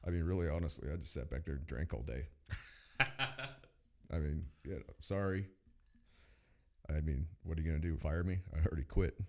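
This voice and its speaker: A man with a low, deep voice hosting a casual podcast. He talks quickly and rambles from one story to the next. He swears freely and acts out the people he quotes. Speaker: podcast host. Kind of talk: casual chat.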